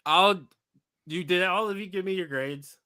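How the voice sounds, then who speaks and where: A man hosting a podcast in casual banter, animated and defensive, swearing freely. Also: sits high, normal speed, smooth. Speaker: podcast host. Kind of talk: casual chat.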